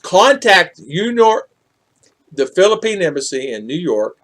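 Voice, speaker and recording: A man's voice: high voice, big pitch swings, measured pace, a bit bright. A man from the United States telling a story in a casual vlog, acting out both sides of the dialogue and replying to live chat. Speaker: vlogger reading live chat.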